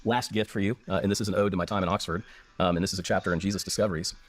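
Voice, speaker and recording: An American scholar appears as a guest in an interview, explaining ideas and telling stories with eager, lecturing enthusiasm. His low voice holds a steady tone while he talks very fast. Soft music plays in the background.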